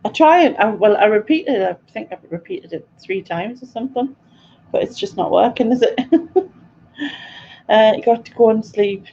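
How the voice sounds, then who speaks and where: A woman's voice: a little high, animated, normal speed, mellow, a little hiss or hum. Giggly woman hosting a quiz. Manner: chatty, giggly, reads out viewers' answers. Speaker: quiz host. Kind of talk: casual live-stream quiz chat. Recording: dull lo-fi stream audio with faint ambience.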